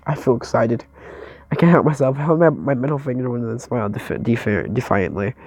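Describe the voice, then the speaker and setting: A man's voice: mid-range voice, animated, a little fast, a little mellow, dry recording, poor audio. A man narrating a story game aloud in first person, often stumbling and restarting words. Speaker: narrator and player.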